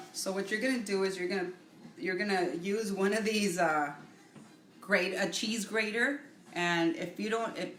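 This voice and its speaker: A middle-aged woman hosting a casual live cooking demo from her home kitchen, chatty and halting, stopping to greet viewers by name. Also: mid-range voice, a little hiss or hum. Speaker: cooking show host. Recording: echoey room with faint music.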